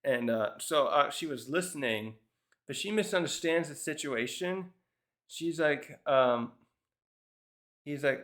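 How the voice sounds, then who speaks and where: A man casually reviewing a manga chapter, thinking out loud and often restarting his sentences. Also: a little high, expressive, takes it slowly, pauses often.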